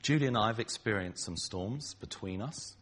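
A man's voice: lowish voice, animated, moderate pace, fairly bright tone, a little hiss or hum. A middle-aged man, preaching a conversational sermon to his congregation, bantering with them and acting out quoted lines. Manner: acts out quoted lines dramatically. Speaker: pastor.

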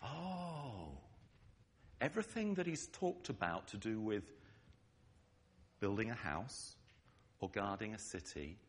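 A man with an English accent preaching a sermon, emphatic, often checking in with his listeners with "okay?". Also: fairly low pitch.

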